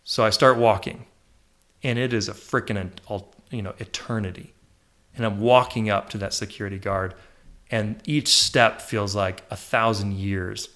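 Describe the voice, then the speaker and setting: A man in his thirties hosting a podcast, telling a personal story with lively swings, jumping high when he acts out his younger self. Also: unhurried. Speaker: podcast host. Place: indoor room with a shelf.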